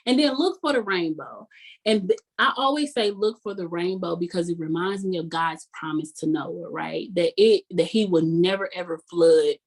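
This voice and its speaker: A woman life coach giving a motivational talk in a folksy, sermon-like way, repeating key phrases slowly for emphasis. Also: lowish voice, breathy edge. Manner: folksy and sermon-like, calls the audience "y'all" constantly.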